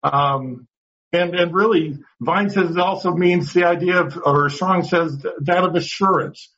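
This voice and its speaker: A man's voice: high-pitched, a little slow, a bit bright. A man teaching a Bible study class, earnest and explaining step by step, often repeating words as he goes. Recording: dull lo-fi sound.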